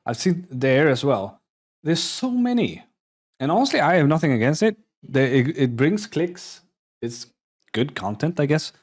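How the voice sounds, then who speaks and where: His voice is a little high and swings widely in pitch, though his pace stays measured. He's a young man from Poland, Polish by first language, rambling through a live reaction stream with self-mocking jokes, swearing and constant restarts.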